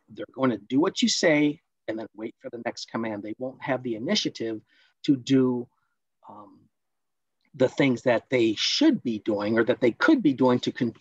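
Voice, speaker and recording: A man presenting a parenting workshop online, explaining points and acting out scolding parents in quick role-plays. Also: mid-range voice, slightly rough, no echo, lo-fi sound.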